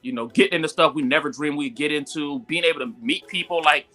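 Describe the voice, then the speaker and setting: Animated storytelling man, bright voice. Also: fast. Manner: animated, acts out quotes with sudden high pitch jumps; frequent fillers "like" and "yo". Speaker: guest entrepreneur. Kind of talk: casual storytelling on a live talk stream.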